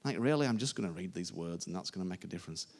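Man, preacher, sermon, gravelly, emphatic and repetitive, church congregation. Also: low-pitched, lively intonation, rapid-fire. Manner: informal, emphatic, repeats phrases. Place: church service before a congregation.

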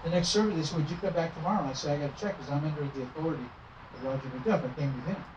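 A man's voice: fairly high pitch, racing. A middle-aged man, a traveling minister, telling stories in a sermon and acting out the dialogue. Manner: animated storytelling, acting out dialogue. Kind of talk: sermon storytelling. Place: church sanctuary. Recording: roomy, distant, muffled with noise.

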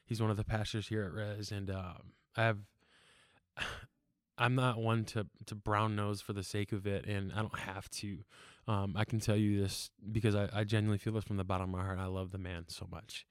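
A young man with a somewhat low voice chats on a podcast, earnest and rambling, with frequent laughs and fillers. The sound is dry and close. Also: flat delivery, normal speed, clean tone, no room sound. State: tearful. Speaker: podcast guest. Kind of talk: casual podcast chat.

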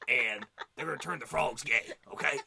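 A man putting on the gravelly voice of a loud, ranting middle-aged male conspiracy broadcaster. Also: mid-range voice, moderate pace, slight background noise, full character voice.

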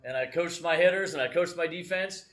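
A man's voice: a little high, fairly quick, fairly bright tone. A middle-aged man giving a casual, self-deprecating church message from the front, keeps checking in with "right?". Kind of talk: casual sermon with personal stories.

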